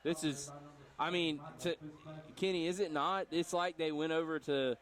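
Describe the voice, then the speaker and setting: A man's voice: fairly high pitch, steady tone, moderate pace, a bit bright. A man giving chatty, analytical color commentary on a football game, with rambling asides. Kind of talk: sports commentary.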